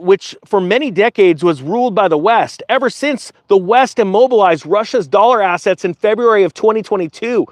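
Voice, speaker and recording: Male finance commentator, high and very lively pitch, jokey digressions, dry close sound. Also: dry recording. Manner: animated, digressive, jokey asides to viewers. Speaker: finance commentator, channel host. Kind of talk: casual commentary while reading an article aloud.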